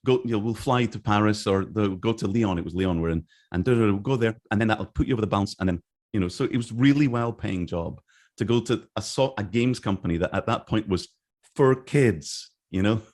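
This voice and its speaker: A man's voice: fairly low pitch, fairly quick, a little mellow. A middle-aged man from England telling stories in a casual interview, rambling with restarts and acting out the dialogue he recalls. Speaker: interview guest, game artist.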